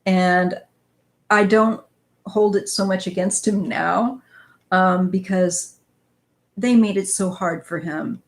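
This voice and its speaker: A middle-aged woman from northwest Missouri with a Midwestern accent and a slight twang, hosting a relaxed, chatty talk that drifts into asides. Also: mid-range voice, slow pace, long pauses. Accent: Midwestern American, slight northwest Missouri twang. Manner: relaxed, chatty, laughs easily, trails off in asides. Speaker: tarot channel host. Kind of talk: casual chat.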